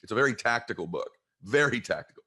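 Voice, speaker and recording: A man's voice: mid-range voice, lively intonation, quick pace, sharp tone, breathy edge. A man telling a personal story as a guest in an interview, earnest and choked up with emotion. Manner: earnest, heartfelt. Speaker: guest author.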